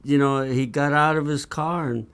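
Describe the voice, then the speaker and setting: A man co-hosting a casual talk show, telling an anecdote in an animated way and putting on the voices of the people in it. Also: on the high side, normal speed, clean tone. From California. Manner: animated storyteller who acts out the voices in his anecdotes. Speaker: co-host. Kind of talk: casual storytelling chat. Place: studio.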